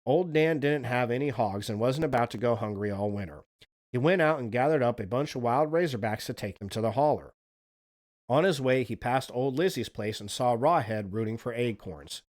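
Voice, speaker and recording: A man hosting a livestream, telling spooky folk legends in a relaxed, chatty way and swearing casually. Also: medium pitch, normal speed. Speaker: streamer, host.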